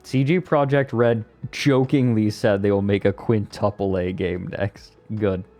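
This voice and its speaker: A man streamer in casual live chat, excitable and prone to repeating words in quick bursts. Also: fairly low pitch, faint music behind.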